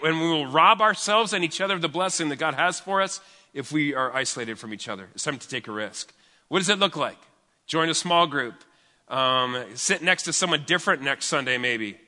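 A man's voice: mid-range voice, sharp tone, long reverb tail. A man preaching a sermon as pastor, talking in a conversational, joking way and often restarting his sentences.

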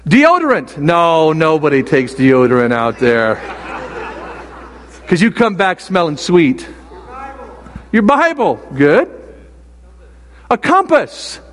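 Older male pastor, high voice, hall echo. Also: big pitch swings. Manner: storytelling, halting with many restarts. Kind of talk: sermon. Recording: long hall reverb.

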